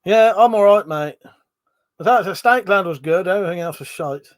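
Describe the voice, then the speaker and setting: A man's voice: sits high, a little fast, no echo. A man hosting a casual livestream, reading out viewer comments and swearing freely as he chats. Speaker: livestream host.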